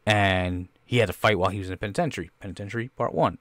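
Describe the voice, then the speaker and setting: A man hosting a podcast, reacting casually to a movie trailer in a rambling, excitable, profane way. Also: on the low side, quick pace, hardly any pauses, dry recording, clean studio sound. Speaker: podcast host.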